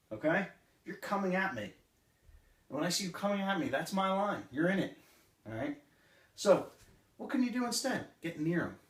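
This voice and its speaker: A man training a live audience on sales, with a punchy way of talking and short acted customer exchanges. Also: a little high. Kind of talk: live seminar talk. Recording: roomy, distant room recording.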